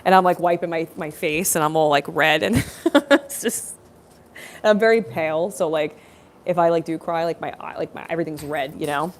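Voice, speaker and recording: A woman's voice: sits low, normal speed, slight background noise. Chatty young woman rambling on break. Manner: chatty, rambling, lots of fillers and self-corrections. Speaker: plumbing apprentice vlogger. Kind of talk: casual live-stream storytelling. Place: work site on break.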